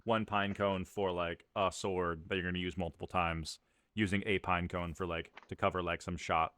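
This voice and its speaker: A man runs a tabletop role-playing session in an easy, rambling way, pausing on fillers as he describes the scene. His voice sits on the low side and the sound is dry and close, with no room around it. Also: dry recording. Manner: relaxed, loose narration full of fillers. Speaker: game master. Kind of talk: narrating a tabletop game.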